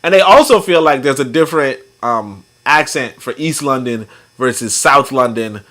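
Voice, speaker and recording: A man's voice: medium pitch, lively intonation, normal speed, a bit bright. A man hosting a casual talk show, rambling and joking as he reads comments and articles, laughing often and acting out other people's voices. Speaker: podcast host.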